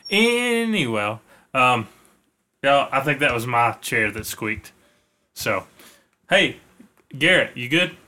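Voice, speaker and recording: A man's voice: medium pitch, sing-song, takes it slowly, pauses often, bright, forceful tone. A man hosting a podcast, chatting loosely and joking his way through sponsor reads. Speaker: podcast host. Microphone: podcast microphone.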